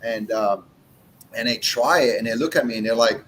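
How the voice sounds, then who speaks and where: A man's voice: medium pitch, moderate pace, a bit bright, slight background noise, rough recording. A man in his forties, a cigar brand owner and podcast guest, talking in a blunt, casual way, swearing freely and acting out what he says to customers. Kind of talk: casual chat.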